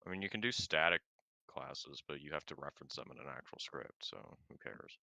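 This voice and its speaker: A man's voice: a bass voice, fairly quick, gravelly, sharp tone, dry recording. A young man in casual chat about game code, puzzling it out aloud and reading out answers. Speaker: game developer. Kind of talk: casual chat while coding.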